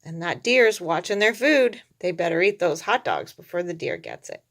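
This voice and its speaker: A woman hosting a video, reading a storybook aloud with chatty relaxed asides. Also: fairly low pitch, moderate pace. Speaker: reborn doll collector and video host. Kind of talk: storybook read-aloud with hand puppets.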